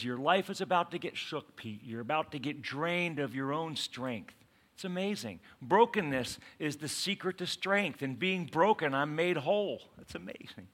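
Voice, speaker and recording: A man preaching a sermon in an animated way, acting out quotes and asking the congregation questions. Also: fairly high pitch. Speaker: pastor.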